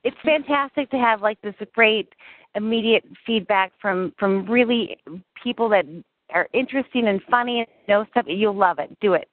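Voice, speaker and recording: A woman's voice: mid-range voice, normal speed, dry recording. A woman speaking as a guest on a call-in show, bubbly, affectionate and chatty. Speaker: guest actress. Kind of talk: radio call-in chat. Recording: tinny phone line.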